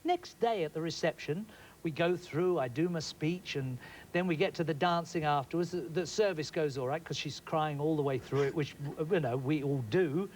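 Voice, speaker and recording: A middle-aged man telling animated, laughing anecdotes as a guest in an interview. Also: a little high, moderate pace, a little hiss or hum, rough recording. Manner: animated, laughing often, acts out scenes. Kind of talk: anecdotal storytelling.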